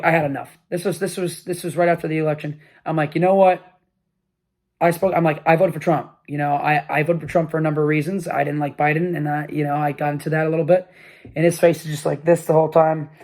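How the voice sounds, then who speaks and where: A man's voice: fairly high pitch, a little mellow. A young man in a casual opinion monologue, telling a story with lots of restarts and exasperated asides. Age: young adult. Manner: rambling, frequent restarts and repeats. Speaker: vlog host. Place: room with a flag behind him.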